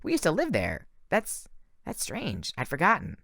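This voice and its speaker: Give me a man playing a soft-spoken, hesitant young girl. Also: fairly high pitch, huge pitch swings, normal speed, vocal fry, no room sound, studio quality, pitched above the performer's own voice, heavily acted. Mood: thoughtful.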